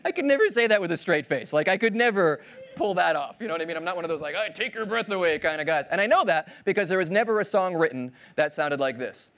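A man's voice: on the high side, lively intonation, quick pace, a bit bright. A man giving a playful keynote talk on stage, acting out little scenes and voices. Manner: playful, acts out voices of others. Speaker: keynote speaker. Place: large conference hall stage.

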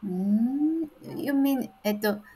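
Husky high-voiced woman, hesitant. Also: lively intonation, moderate pace, mellow. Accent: Japanese. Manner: hesitant, thoughtful, many fillers. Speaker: Japanese teacher, English learner. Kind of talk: casual conversation practice.

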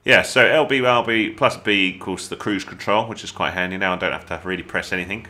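A man with an English accent, talking through a casual gameplay tutorial in a chatty, excitable way with jokey asides. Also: low-pitched, fairly quick. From England. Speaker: gaming YouTuber.

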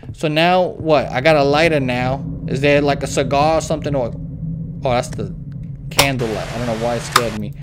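A man's voice: mid-range voice, background noise. A young man doing horror game commentary, jumpy, swearing and scolding an unseen baby like a parent. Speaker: gaming YouTuber.

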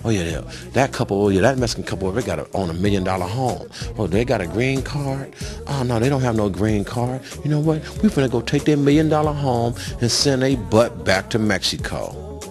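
A sneering official gloats in a low, mocking voice, pleased with his scheme, as a man puts him on. The pitch sits deep and swings from low mutters to lively jumps. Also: fairly quick, over music, natural voice. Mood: gloating.

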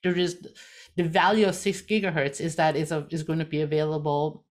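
A woman moderating a live webinar discussion, talking in a halting way with many fillers. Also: deep voice, flat delivery. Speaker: panel moderator.

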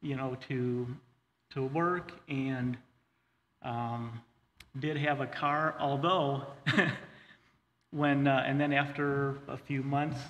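A middle-aged man telling his personal testimony in a church, earnest and halting, with many fillers and restarts. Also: medium pitch, steady tone, a bit bright, dull audio. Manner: earnest, says he gets choked up. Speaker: guest speaker sharing his testimony. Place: church hall. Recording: long hall reverb, faint ambience.

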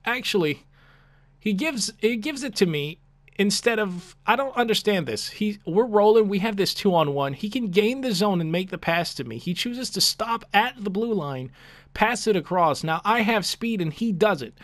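High-voiced young man ranting over a game. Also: lively intonation, normal speed, fairly bright tone, no room sound. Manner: frustrated, profane, ranting. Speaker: gaming commentator. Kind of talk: video game commentary.

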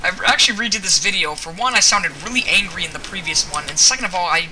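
A man with a high voice gives casual gameplay commentary at his computer and rambles through plenty of ums and likes. His loud mechanical keyboard clatters clearly under every sentence. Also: expressive, fast, a little hiss or hum, poor audio. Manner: rambling, filler-heavy chat while reacting to the game. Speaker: gaming channel host.

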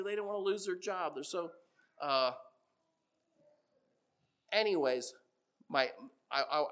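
A middle-aged man preaching a sermon in a church, telling stories and getting animated when he quotes other people. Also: high voice.

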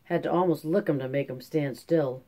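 Narrator doing gruff, stern Pa. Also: medium pitch, normal speed, warm tone, natural voice. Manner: gruff, curt country talk. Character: Pa, a gruff stern farm father.

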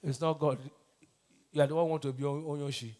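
A man's voice: fairly high pitch, steady tone, quick pace. Nigerian pastor quizzing his congregation. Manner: call-and-response, quizzing the congregation; swings between loud declarations and hushed lines. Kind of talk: sermon.

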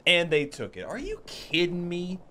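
A man's voice: high voice, very animated, normal speed, sharp tone, a little hiss or hum. A man giving live commentary over his own gameplay, exclaiming and swearing as the action unfolds. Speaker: gaming video host.

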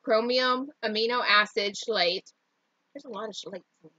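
A woman's voice: a little high, normal speed, pushed and bright, dry recording, lo-fi sound. A woman with a Southern country accent reading out a shake's ingredient list, stumbling over long words and laughing at herself. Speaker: co-host reading an ingredient label. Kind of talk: casual chat.

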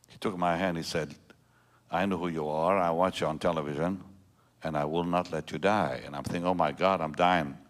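A man in his seventies, a pastor telling a personal story in a sermon, rambling and emotional, with many restarts. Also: deep voice. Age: 70s. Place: large church.

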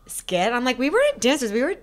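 A woman's voice: high-pitched, huge pitch swings, quick pace. A young woman chatting as a podcast guest, casual and hesitant, with many fillers. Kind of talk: casual chat.

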